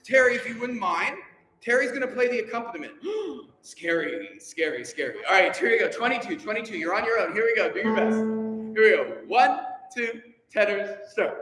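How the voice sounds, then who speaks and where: Music plays in the background as a choir director with a very high-pitched voice speaks animatedly and fairly quickly. He coaches and teases his singers in an upbeat manner, counting them in, inside a large, echoey rehearsal hall with long reverb.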